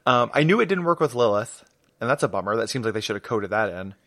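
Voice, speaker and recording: A man's voice: fairly low pitch, lively intonation, fast talker, sharp tone, no echo, clean studio sound. A man co-hosting a podcast in casual chat, tired and goofy, now and then breaking into silly singing. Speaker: podcast co-host.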